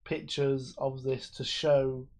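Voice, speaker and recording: Male podcast co-host, mid-pitched, rambling friendly explainer. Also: little pitch movement, takes it slowly, gravelly, darkish tone. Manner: chatty, explains at length with many fillers. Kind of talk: casual chat.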